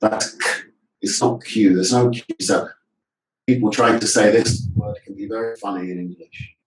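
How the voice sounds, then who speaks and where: A man's voice: on the low side, steady tone, moderate pace, a little hiss or hum. A male teacher trainer giving a webinar presentation on a video call. He explains points and drills words aloud, often asking rhetorical questions. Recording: echoey room audio from a distance.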